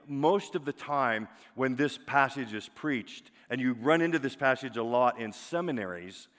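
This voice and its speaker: A man preaching a sermon as pastor, emphatic, often dropping to a soft, drawn-out single word for weight. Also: mid-range voice. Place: church sanctuary. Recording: long hall reverb.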